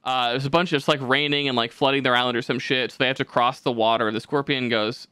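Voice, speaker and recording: A man's voice: medium pitch, steady tone, fast talker, few pauses, pushed and bright, smooth, no room sound, clean studio sound. A man co-hosting a podcast, rambling casually with lots of swearing and fillers. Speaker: podcast co-host.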